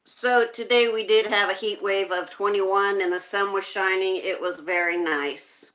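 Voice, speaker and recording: Slow-talking woman reading stream chat aloud. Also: medium pitch, fairly even intonation. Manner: greets viewers warmly and reads chat aloud. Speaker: live streamer. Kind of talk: casual live-stream chat reading comments.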